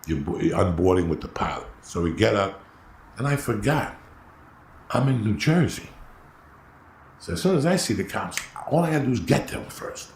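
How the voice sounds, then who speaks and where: Gravelly, brash man telling a profane story. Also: mid-range voice, normal speed, pauses often. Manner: brash, animated, acts out quotes. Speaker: podcast storyteller. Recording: roomy echo with faint noise.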